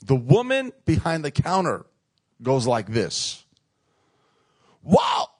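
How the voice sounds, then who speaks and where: A man's voice: medium pitch, wildly swooping pitch, a little slow, darkish tone. A man preaching a sermon, emphatic and repeating phrases for effect, calling on the congregation to respond. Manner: calls on the crowd to respond.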